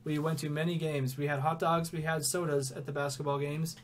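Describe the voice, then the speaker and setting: Young male podcast co-host, rambly and giggly, slightly high voice, faint noise. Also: little pitch movement, fairly quick. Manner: rambling, laughs often. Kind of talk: casual sports chat.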